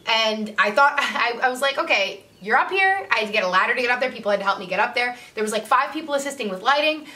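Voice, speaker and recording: A woman's voice: a little high, rapid-fire, bright, forceful tone, recorded from a distance. A woman vlogger telling a personal story to camera in a chatty way, full of "like" fillers. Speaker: model and vlogger.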